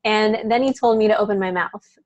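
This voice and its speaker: A woman's voice: mid-range voice, steady tone, fairly quick, no room sound, highs cut off. A woman talking casually as an interview guest, telling a personal story with frequent laughs and lots of filler words. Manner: chatty, laughs often, many "like" fillers.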